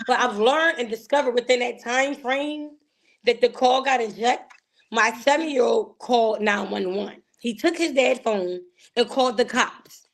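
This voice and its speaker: A woman, a guest telling an emotional personal story in an animated way, acting out the voices she quotes. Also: a little high.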